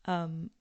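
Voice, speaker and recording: A young English woman with a posh southern English accent, telling her story casually with many ums, tangents and laughs. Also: fairly low pitch. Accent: southern English, now posh-sounding. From England. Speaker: podcast guest.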